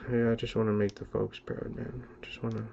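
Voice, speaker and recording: A young man with a gravelly, low voice that stays flat and warm as he rambles. He swears freely and pumps himself up in a casual vlog monologue. The sound is dull and lo-fi, recorded in a car. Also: a little hiss or hum. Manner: rambling, profane, self-hyping. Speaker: vlogger.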